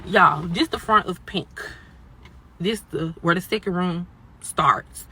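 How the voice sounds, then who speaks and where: A woman's voice: on the low side, slow pace, pushed and bright, a little hiss or hum. A woman telling a workplace story as an indignant, profane phone rant, acting out both sides of the argument.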